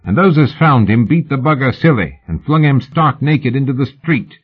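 An insolent, calculating Victorian tough, as a man puts him on, coarse and sly. The voice is raspy and thin-sounding, like over a phone. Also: mid-range voice, lively intonation, normal speed, pitched above the performer's own voice. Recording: narrow phone-like audiobook sound.

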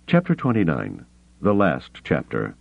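A man narrating a novel as an audiobook, reading dramatically with measured pauses. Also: a bass voice, wildly swooping pitch, vocal fry, no echo. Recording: tinny phone-like audio.

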